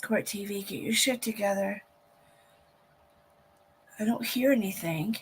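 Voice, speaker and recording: Slow-talking indignant woman streamer. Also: mid-range voice, slight background noise. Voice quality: blunt and profane, with frequent swearing. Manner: indignant, venting to her chat. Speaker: livestream host. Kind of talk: casual livestream reaction to a court broadcast.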